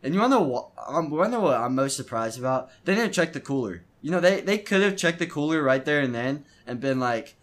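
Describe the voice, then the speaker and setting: A man's voice: a little high, lively intonation, brisk, few pauses. A teenage boy hosting his own podcast, telling a story in a loose, rambling way with lots of stumbles and restarts. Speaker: podcast host. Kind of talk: casual storytelling monologue.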